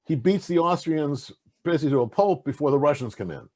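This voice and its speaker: A man with a husky, slightly rough voice talks in a casual interview, his pitch swinging widely as he gets into his stories. He rambles, stacks fillers and restarts, and keeps circling back to his point. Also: quick pace. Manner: animated, rambling storyteller with many fillers and restarts. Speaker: interview guest, game designer.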